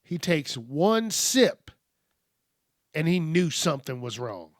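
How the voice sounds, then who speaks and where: A man's voice: a little high, big pitch swings, slow pace, dry recording, studio quality. A male podcast host riffing casually on news stories, joking and swearing freely. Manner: profane, joking, rhyming asides.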